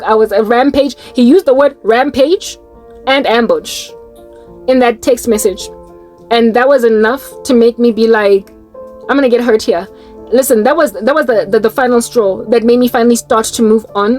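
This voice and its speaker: A South African woman with a fairly high voice tells a story straight to her viewers. She talks in a lively, chatty way and keeps breaking into laughter. Faint music plays softly behind her. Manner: animated, breaks into laughter, slips into Tswana and Zulu words. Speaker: Christian YouTuber. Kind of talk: casual storytelling to camera.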